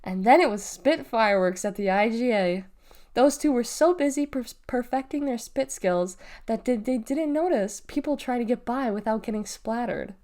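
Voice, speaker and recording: Expressive woman reading a children's book. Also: a little high, moderate pace. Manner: lively expressive storytelling. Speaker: reader. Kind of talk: reading a children's novel aloud.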